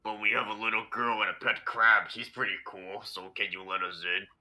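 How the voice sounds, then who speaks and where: Low, bright-toned male player. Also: level tone, brisk. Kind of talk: tabletop game role-play.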